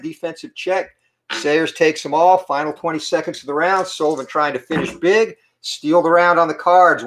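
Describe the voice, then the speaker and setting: A man with a slightly hoarse morning voice, giving play-by-play commentary on a tabletop boxing game and calling out each roll in short clipped phrases. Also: on the high side, fairly bright tone. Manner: calls each dice roll and punch count in quick clipped phrases.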